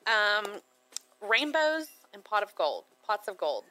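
A woman's voice: mid-range voice, sing-song, slow pace, bright, forceful tone, a little hiss or hum, low-quality recording. A woman co-hosting a radio show in casual banter, dry and teasing.

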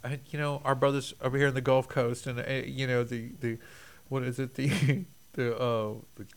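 A man's voice: mid-range voice, flat delivery, moderate pace. A man from Texas chatting casually as co-host, rambling with lots of fillers and restarts. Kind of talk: casual chat.

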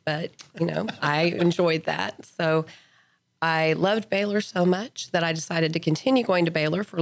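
A woman's voice: low-pitched, gravelly, dry recording. A middle-aged woman who grew up in Lubbock, a guest on a radio interview. She speaks through a cold with self-deprecating good humor. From Lubbock, Texas. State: has a cold. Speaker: guest, judicial candidate.

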